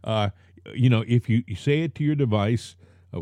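A man's voice: medium pitch, moderate pace, mellow, no echo. A man hosting a talk podcast, speaking straight to his listeners and repeating the key points so they stick. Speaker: podcast host. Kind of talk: casual talk show chat.

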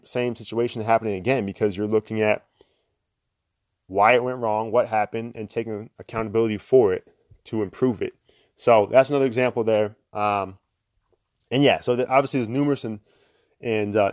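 A young man hosts a podcast in a lowish, slightly mellow voice, recorded clean in a studio with no echo. He talks casually about self-improvement in a conversational motivational monologue, filling gaps with lots of fillers and "right?" tags and laughing briefly between points.

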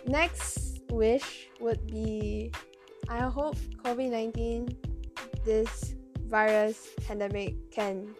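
A teenage girl from Malaysia with a Malaysian Chinese accent, hosting a casual solo podcast, halting and searching for words, often giggling. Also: a little high, steady tone, music in the background. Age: teens. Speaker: podcast host.

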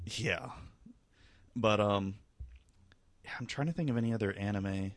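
Low-voiced young man rambling casually. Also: a little slow, no echo. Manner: rambling, swears freely, many fillers. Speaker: conversation partner. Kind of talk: casual chat.

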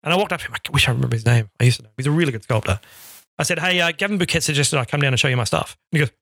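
Fast-talking, bright-voiced man telling stories. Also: fairly high pitch, dry recording, clean studio sound. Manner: animated, acts out quotes in storytelling. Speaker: interview guest. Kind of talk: casual storytelling.

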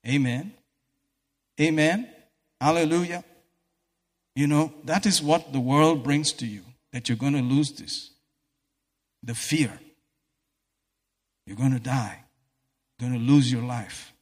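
A man's voice: medium pitch, slow pace, pauses often. A man preaching a sermon in a church hall, fervent and breaking into exclamations of praise. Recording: echoey hall reverb.

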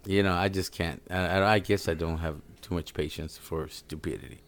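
A man's voice: low voice, fairly even intonation, brisk. A man chatting as a podcast guest, rambling and swearing freely as he tells stories, full of fillers. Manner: rambling, profane storytelling with many fillers. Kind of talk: casual podcast chat.

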